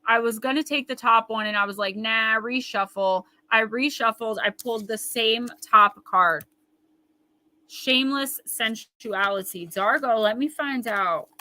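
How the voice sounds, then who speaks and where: Bright, chatty woman reading tarot live. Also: on the high side, a little slow, dry recording, poor audio. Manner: chatty, emphatic, addresses viewers directly; reads viewer comments aloud and riffs on them. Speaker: intuitive tarot reader, host. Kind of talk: live-stream card reading.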